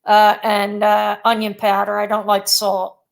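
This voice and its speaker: A woman's voice: medium pitch, monotone, measured pace, gravelly. A woman from the Philadelphia area with a Philadelphia accent, chatting casually on a livestream in a blunt, rambling way. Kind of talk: casual chat.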